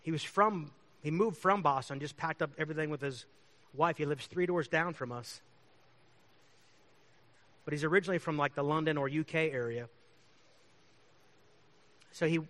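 A pastor, a man, tells neighborhood stories in easygoing, rambling chat. His voice sits a bit high for a man, and he chuckles often as he goes. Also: moderate pace, long pauses, a bit bright. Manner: chatty, rambling, laughs often. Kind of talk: casual storytelling.

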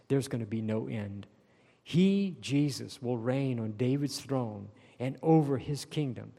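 A man preaching a sermon in a church, stressing key phrases slowly and building to emphatic peaks. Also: medium pitch, dark tone. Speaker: pastor. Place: church sanctuary. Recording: long reverb in a large hall.

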